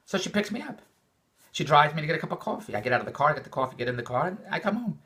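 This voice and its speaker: An older man from Philadelphia talks fast in a bright, sharp voice, wandering from point to point. His pitch swings widely as he repeats himself in exasperation. It is a loose, unscripted vlog monologue. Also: very animated. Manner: rambling, repetitive, exasperated. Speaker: vlogger. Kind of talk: rambling personal vlog monologue.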